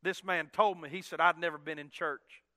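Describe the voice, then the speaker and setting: A man preaching a sermon, telling a conversion story, swinging from loud emphatic peaks to hushed asides. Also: fairly high pitch, steady tone, normal speed, no echo, studio quality, big-room sound.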